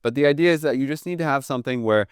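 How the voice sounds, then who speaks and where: Smooth-voiced male drum teacher, dry sound. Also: mid-range voice, no room sound. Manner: explains in a relaxed, conversational way, often checking in with "right?"; counts beats aloud slowly while demonstrating. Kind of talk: instructional video lesson.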